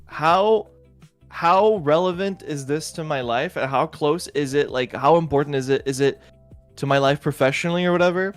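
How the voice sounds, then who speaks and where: A man's voice: on the high side, moderate pace, soft background music. A man as a guest in a casual chat, rambling with lots of fillers and repeated words.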